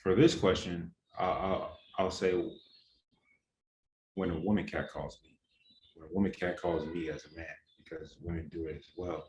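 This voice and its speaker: A man's voice: sits low, steady tone, moderate pace, a little mellow, a little hiss or hum. A young adult man answering interview questions in an earnest, heated, casual way full of slang. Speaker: interview guest. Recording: roomy echo, faint ambience.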